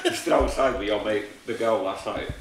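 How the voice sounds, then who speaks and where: A man's voice: on the low side, a little fast, gravelly, a little hiss or hum. Man laughing through anecdotes, roomy. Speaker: podcast guest. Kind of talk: casual chat. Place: living room of a home.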